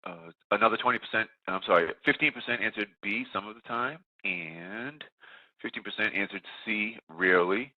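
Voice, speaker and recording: Brief: very low-voiced webinar moderator, stuffed up with a cold, tinny phone-line audio, procedural delivery. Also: male voice, normal speed, dry recording. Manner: steady, procedural, self-correcting. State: congested from a cold. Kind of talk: running audience polls.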